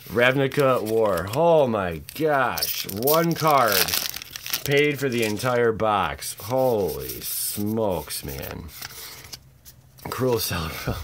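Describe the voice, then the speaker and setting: A man talks through a card-opening video, his pitch leaping and falling as he exclaims over each pull and then drops to awed murmurs. He sounds like a hobby host at his table, loud one moment and hushed the next. A faint background hiss sits under his voice. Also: takes it slowly. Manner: exclamatory, swings between shouted excitement and low awed mutters. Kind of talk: excited card-opening vlog commentary.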